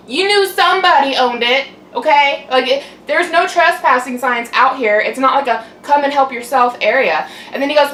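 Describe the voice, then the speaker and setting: A fairly high-pitched young woman talks in a loose, rambling vent, full of "like" and the odd curse word. Her voice carries a roomy echo, as if the mic sits a little way off in a room at home. A faint steady hum runs underneath. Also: normal speed, recorded from a distance. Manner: chatty, aggravated, swears, lots of "like". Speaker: mukbang vlogger. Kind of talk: casual venting chat.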